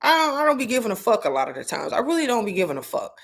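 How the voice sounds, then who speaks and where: Speaking on the high side with big pitch swings, vocal fry and a racing delivery, a woman talks spirituality with her livestream viewers. As a spiritual content creator, she's casual, profane and blunt, packing in slang and repeating herself to stress things.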